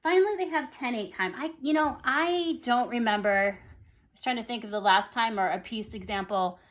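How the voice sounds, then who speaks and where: A woman teaching an online music theory lesson, counting beats aloud and explaining in a relaxed, conversational way. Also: fairly high pitch, normal speed. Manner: relaxed and conversational, with fillers and restarts.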